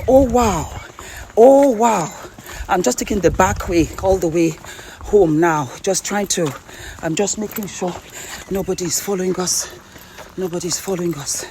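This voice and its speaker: A woman vlogger, out of breath and shaken, telling an excited story while walking outdoors, stumbling and repeating her words. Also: mid-range voice, background noise.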